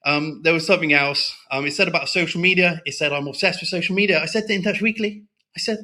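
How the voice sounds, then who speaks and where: A man's voice: a little high, fast, pushed and bright. A man talking as a guest in a casual interview, heated and blunt, swearing often and tagging lines with "right?".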